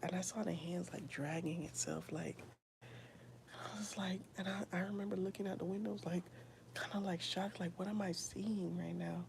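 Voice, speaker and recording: Young woman, whispered testimony: gravelly, low-set voice, hushed and halting, full of fillers. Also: fairly even intonation, noisy background. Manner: soft, often whispered, halting with many fillers. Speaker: streamer sharing a personal testimony.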